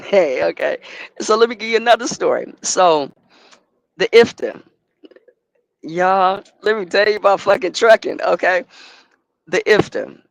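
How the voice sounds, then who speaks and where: Man, trucking company owner, gravelly voice on the high side, animated profane storyteller, dry close recording. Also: unhurried, pauses often, no room sound. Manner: animated, profane, acts out both sides of a phone call. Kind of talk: casual storytelling to a live audience.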